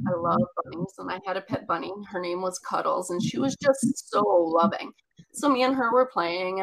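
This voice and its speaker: Woman, personal storytelling, gravelly vocal fry, chatty, rambling asides. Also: on the low side, a bit bright, rough recording.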